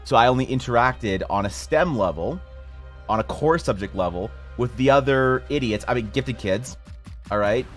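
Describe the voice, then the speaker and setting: A man's voice: mid-range voice, lively intonation, normal speed. A young man on a live art stream, telling a rambling, self-mocking story with some casual swearing. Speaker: streamer and artist. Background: faint music.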